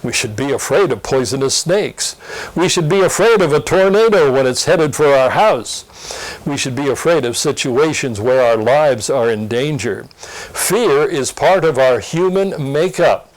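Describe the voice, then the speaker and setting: Animated, earnest Bible lesson presenter man. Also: mid-range voice, a little slow, poor audio. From Pennsylvania. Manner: earnest, expressive teaching tone. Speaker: Sunday school lesson presenter. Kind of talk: scripted Bible lesson preview.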